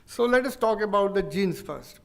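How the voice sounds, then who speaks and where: High-voiced Indian man lecturing. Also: lively intonation, creaky. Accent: Indian English. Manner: earnest, explanatory, with pauses and restarts. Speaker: neurologist giving a lecture. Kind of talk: public lecture.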